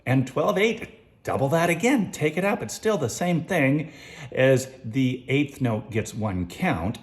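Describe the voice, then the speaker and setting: A man's voice: mid-range voice, expressive, slow. A man giving a casual music lesson, explaining time signatures, counting beats aloud and singing short snippets. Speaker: music teacher.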